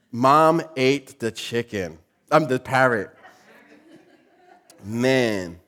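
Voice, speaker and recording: A man preaching a sermon, telling a funny story and joking with his congregation, often repeating himself as he goes. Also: mid-range voice. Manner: lively, joking, talks to the congregation; halting, repeats words.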